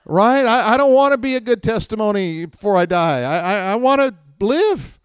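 A man's voice: animated, moderate pace, clean tone, no echo. Emphatic preaching man, dry close sound. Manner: conversational preaching with acted asides; rising to emphatic, higher-pitched fervor. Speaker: pastor. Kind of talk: sermon.

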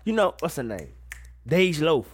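A man giving a casual, profane solo rant about music gossip, breaking into sudden loud high outbursts. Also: sing-song, measured pace, slightly rough. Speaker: solo commentator.

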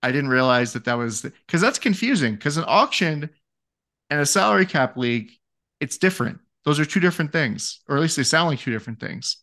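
A man's voice: a little high, expressive, brisk, bright, forceful tone. A man co-hosting a casual sports podcast, wry and teasing. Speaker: podcast co-host.

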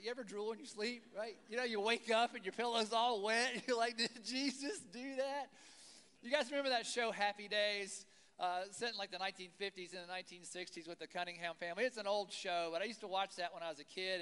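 High-voiced pastor in a reverberant church. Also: male voice. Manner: conversational, animated with asides and rhetorical questions. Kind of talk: sermon. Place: church hall. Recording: long hall reverb.

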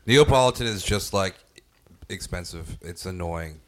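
Low-voiced man rambling over pizza. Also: expressive, a little slow, fairly bright tone. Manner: rambling, self-interrupting, laughs easily. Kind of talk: casual pizza-review chat with friends.

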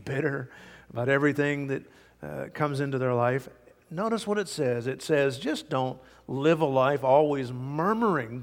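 An older man preaching a sermon as pastor, earnest and emphatic, sometimes dropping to soft asides. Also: mid-range voice. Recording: long reverb of a large hall.

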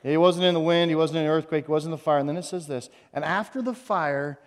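A male pastor preaching a sermon on stage, animated and jokey, swinging between loud emphasis and hushed tones. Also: fairly high pitch, racing, clear, resonant tone, in a large hall. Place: church stage before a congregation.

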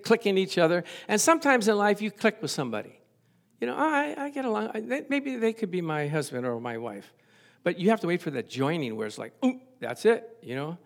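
Older male pastor in his 60s, lively sermon delivery, slightly higher voice, laughs between points. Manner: animated, chuckling, acts out little dialogues.

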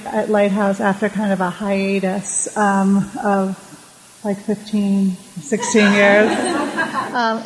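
A woman's voice: medium pitch, a little hiss or hum, rough recording. A woman in her fifties reading her own memoir aloud at a small reading, hesitant with many ums in her introduction. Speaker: memoir reader.

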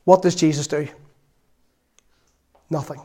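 A middle-aged man with a Northern Irish accent preaching a sermon, telling a lively story from his own family and acting out the voices in it. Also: fairly high pitch, slow pace. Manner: lively storytelling, acts out voices, laughs often.

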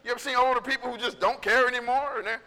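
A male pastor preaching in a casual storytelling way, animated and conversational, acting out what people said. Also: extremely high pitch, rapid-fire, long reverb tail. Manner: animated, conversational, acts out quotes. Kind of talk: storytelling sermon.

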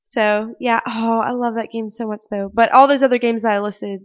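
A woman's voice: on the high side, fairly even intonation, moderate pace, dry recording, muffled recording. A woman with a stuffy cold, chatting enthusiastically on a podcast and laughing often. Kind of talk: casual chat.

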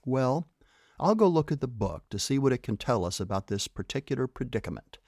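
A man voicing a motherly older woman babysitter turned into a monkey, brisk and scolding. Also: mid-range voice, big pitch swings, a little mellow, no echo, clean studio sound, voice pushed up. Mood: fussing.

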